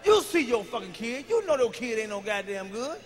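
Stand-up comic, man, very high and sharp voice, crude shouty rants, big hall reverb. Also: big pitch swings, brisk, a little hiss or hum. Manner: profane, loud ranting with shouted bursts. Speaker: stand-up comedian. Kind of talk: stand-up comedy routine.

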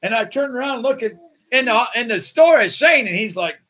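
A man's voice: extremely high pitch, normal speed, slight background noise. A man preaching as pastor, telling stories and acting out the voices of people in them. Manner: animated, acts out voices in his stories. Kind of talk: sermon with storytelling.

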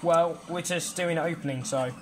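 A reaction host, giving slow, casual commentary on a DVD opening and saying "mate" again and again. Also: medium pitch, heavy background noise. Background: loud DVD trailer music.

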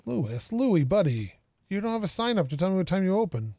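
A man's voice: high-pitched, very animated, brisk, warm tone, dry recording. A man streaming a game, casually thinking aloud and joking with the characters on screen. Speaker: gaming streamer. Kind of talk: casual gameplay commentary.

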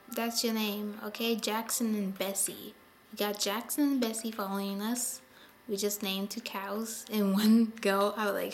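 A woman's voice: mid-range voice, level tone, normal speed, soft background music. A woman giving casual gameplay commentary, chatty and sighing often as she talks to the animals in her game. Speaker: gameplay video host.

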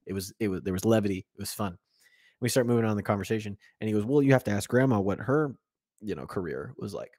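A man's voice: fairly low pitch, a little mellow, no echo, studio quality. A young man co-hosting a podcast, telling a family story in casual chat, speeding up and laughing as he goes. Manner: storytelling, quick bursts, laughing asides. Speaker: podcast co-host.

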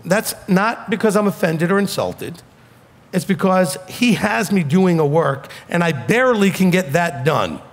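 Blunt New York rabbi preaching in a hall. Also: male voice, high-pitched, expressive, unhurried. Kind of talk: sermon.

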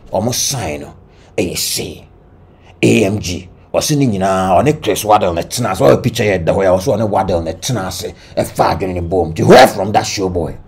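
Husky-voiced Ghanaian gossip commentator man. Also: lowish voice. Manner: animated storytelling, mixing Twi and English. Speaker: entertainment news commentator.

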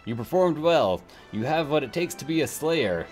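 A man's voice: on the high side, animated, moderate pace, darkish tone, soft background music, lightly acted. A man reading aloud the lines of a stern male village captain in a game, with formal, dutiful delivery.

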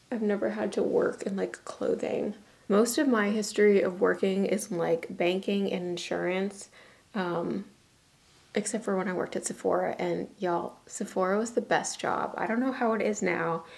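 Her voice is medium-pitched, gravelly, and a touch mellow as this young beauty vlogger walks through her makeup at home in the bathroom. She's chatty and giggly, sprinkling in "y'all" and "like" constantly.

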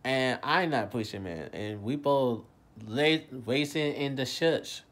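A man in his late twenties rambling in a casual monologue, repeating himself, his voice swinging between loud bursts and low mumbles. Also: animated, a little slow. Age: late 20s. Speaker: vlogger.

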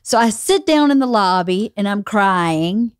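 A woman's voice: medium pitch, expressive, smooth, no echo. Blunt teasing woman on a dry mic. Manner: blunt,喜 teasing, quick to contradict. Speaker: podcast host. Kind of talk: casual storytelling chat.

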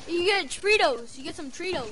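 A woman's voice: very high-pitched, expressive, normal speed, heavy background noise. A woman chatting casually while gaming, often using doting baby talk with her teammates. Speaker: gamer.

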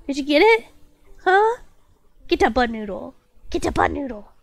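A woman's voice: high-pitched, sing-song, moderate pace, no room sound. A woman game streamer chatting casually and reading chat aloud, still getting over a cold with a slight cough and stuffy nose.

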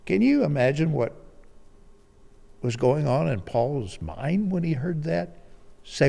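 A man's voice: mid-range voice, sing-song, unhurried, vocal fry, dark tone, big-room sound. A man preaching a sermon, explaining scripture verse by verse and acting out the quoted voices with rising emphasis.

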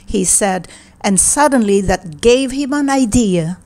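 Slow, gentle woman reading a storybook. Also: mid-range voice, lively intonation. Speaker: read-aloud narrator.

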